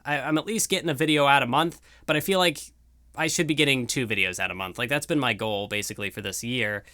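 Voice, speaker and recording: A man's voice: mid-range voice, quick pace, pushed and bright, dry recording, studio quality. A young man rambling casually through a video outro at home, self-deprecating and full of fillers. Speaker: YouTuber. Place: room at home.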